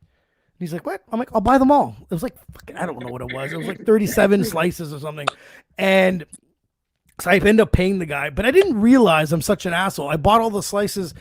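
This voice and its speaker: A man's voice: high voice, expressive, a little fast, no room sound. A man in his forties hosting a podcast, telling loose stories in casual chat, swearing often and laughing between lines. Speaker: podcast host.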